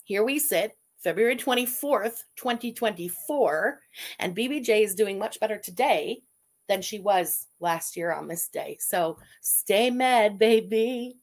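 A woman's voice: medium pitch, a little slow. A young adult woman hosting a casual livestream, talking bluntly and swearing freely. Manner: blunt, profane and animated. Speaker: streamer host.

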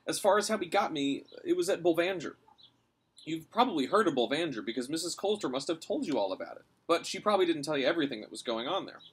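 A bold, cunning young girl, as a man reading a storybook aloud puts her on, pitched well up and swinging widely as she spins her tale. The voice is eager and persuasive, a touch husky, and pushes out quickly. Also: big pitch swings.

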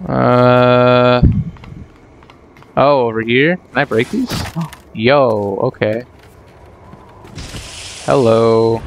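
A man's voice: medium pitch, a little hiss or hum. A man casually commenting on his own gameplay, rambling and self-deprecating as he talks to himself. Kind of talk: casual let's play commentary.

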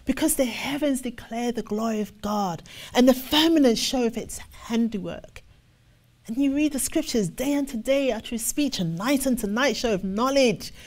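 A woman preaching and reading scripture slowly and solemnly, expressive and acting out other people's replies. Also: fairly high pitch. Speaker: ministry officer.

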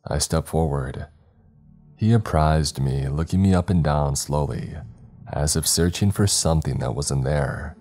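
A man narrating a horror story in a slow, measured, dramatic reading. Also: rumbling low, darkish tone. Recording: faint background music.

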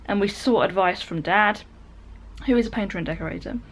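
A woman's voice: medium pitch, brisk, slightly rough. A British woman in her twenties talking to the camera from her living room in a casual, giggly, rambling vlog. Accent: British English. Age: 20s. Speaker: vlogger. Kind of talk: casual home vlog chat. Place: home living room, indoors.

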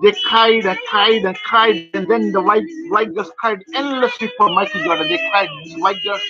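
A man's voice: high-pitched, very animated, normal speed. A man in a rambling, repetitive rant monologue, stumbling over words and repeating himself. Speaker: vlogger. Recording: dull lo-fi audio over loud music.

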